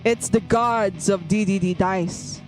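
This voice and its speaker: A woman's voice: medium pitch, slow pace, soft background music. A woman VTuber chatting playfully with her viewers on a live stream, teasing them, repeating herself and laughing often. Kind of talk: live-stream chat with viewers while drawing.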